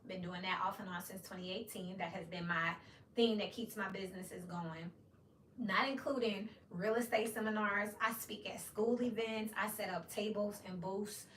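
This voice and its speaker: A blunt, cursing woman talks through a casual tarot reading. Her voice is bright and forceful. She sits well back from the mic in a roomy, echoing space with a faint hiss behind her. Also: medium pitch, steady tone, moderate pace. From Memphis, USA. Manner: blunt and profane, with frequent "you know what I mean". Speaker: tarot reader. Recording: roomy echo, distant from mic.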